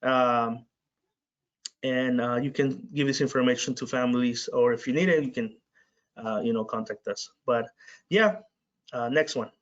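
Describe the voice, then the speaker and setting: A man in the middle of his range presents on a webinar, halting often with filler sounds between phrases. The audio sounds muffled, as from a video call. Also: mid-range voice. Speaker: presenter for a community organization.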